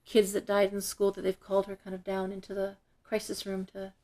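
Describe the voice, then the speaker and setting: A middle-aged woman, a shop owner, telling stories as an interview guest in an animated way, acting out the voices of the people in them. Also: mid-range voice, fairly quick. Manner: animated, acts out quoted voices when telling a story. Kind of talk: casual storytelling in an interview.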